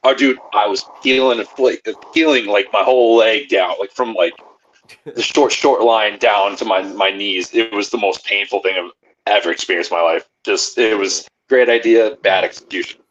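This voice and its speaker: A man's voice: lowish voice, moderate pace, a bit bright. A man co-hosting a podcast, telling an easygoing, self-deprecating anecdote in casual chat. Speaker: podcast co-host. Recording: dull lo-fi mic with faint hiss.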